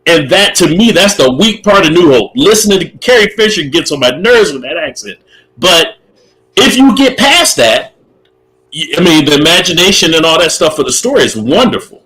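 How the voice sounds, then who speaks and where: A middle-aged man with a fairly high speaking voice, talking through his opinions on a casual podcast. He circles back on his points, repeats himself and laughs easily. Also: sing-song, moderate pace, pushed and bright, low-quality recording. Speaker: podcast co-host. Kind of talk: casual chat.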